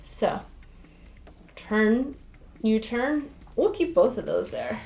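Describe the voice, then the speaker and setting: A woman's voice: a little high, wildly swooping pitch, slow pace, darkish tone. Woman board gamer, casual, talks rules through as she counts moves, roomy room echo. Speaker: board game player. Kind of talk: casual tabletop gameplay talk.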